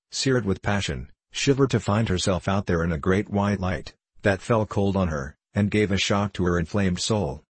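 A man narrating a novel as an audiobook in a steady, measured way. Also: low-pitched, slightly rough, dry recording.

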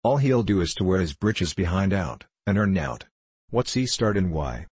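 A man voicing an angry coal miner father with a rough dialect, gruff and threatening. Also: low voice, expressive, moderate pace, a little mellow, dry recording. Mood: scornful.

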